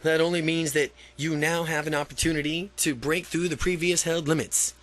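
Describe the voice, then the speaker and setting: Male audiobook reader, somewhat high voice, self-help text, halting delivery with repeats and off-script asides. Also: steady tone, a bit bright. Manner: stumbling, repeats and restarts phrases. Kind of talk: reading a self-help book aloud.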